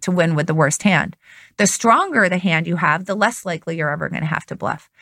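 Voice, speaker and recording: A woman's voice: fairly low pitch, lively intonation, fairly quick, fairly bright tone, no echo, clean studio sound. Analytical woman explaining poker strategy. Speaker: poker expert guest. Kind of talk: explanatory conversation.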